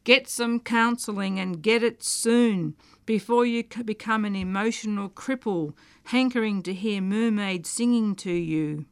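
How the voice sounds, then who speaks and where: A woman's voice: mid-range voice, a little slow, hardly any pauses, clean tone, no echo, pitched above the performer's own voice, natural voice. A woman reading as a bossy exasperated woman. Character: brisk woman lecturing her indecisive suitor.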